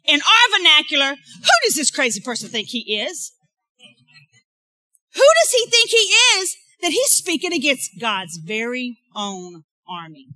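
A woman pastor preaching a sermon, rising to loud exclaims and dropping to quiet asides. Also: high voice, no room sound, poor audio.

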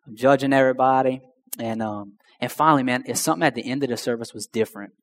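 A man's voice: medium pitch, fast. A young man telling his personal testimony in a slangy, conversational way that addresses the crowd directly. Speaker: speaker sharing a testimony. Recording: long hall reverb.

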